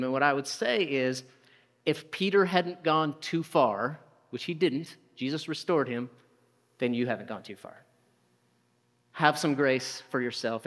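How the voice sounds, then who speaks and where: A man's voice: fairly high pitch, a bit bright, in a large hall. A man preaching a conversational sermon, asking rhetorical questions and acting out short quotes. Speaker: pastor.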